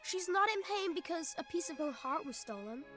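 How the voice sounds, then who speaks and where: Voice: extremely high pitch, lively intonation, normal speed, fairly bright tone. A woman voicing an earnest, polite young boy hero in a game cutscene. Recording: game audio with music.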